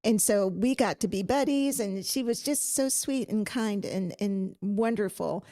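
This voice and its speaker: A woman's voice: medium pitch, unhurried. Chatty woman podcast host. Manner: chatty, animated storytelling. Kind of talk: casual podcast chat.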